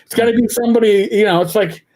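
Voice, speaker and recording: A man's voice: high voice, steady tone, quick pace, darkish tone. Rambling New man telling stories. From New York City. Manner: rambling storyteller, stammers and restarts, slips into put-on voices. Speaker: podcast co-host. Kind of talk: casual livestream chat.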